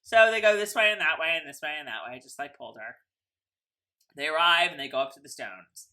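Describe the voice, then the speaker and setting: Bright-voiced chatty woman co-host. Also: deep voice, brisk. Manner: chatty, animated, lots of fillers. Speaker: podcast co-host. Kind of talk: casual recap chat.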